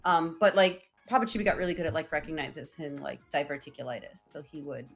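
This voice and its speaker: A young woman hosting a casual chat, telling family stories in an animated way and imitating her parents in raised voices. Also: low voice, brisk, vocal fry, faint music behind. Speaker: vtuber host.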